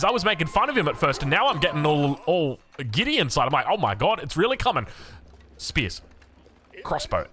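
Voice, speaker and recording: Australian man, game caster, higher-set voice, bright and forceful; rambling, self-mocking commentary.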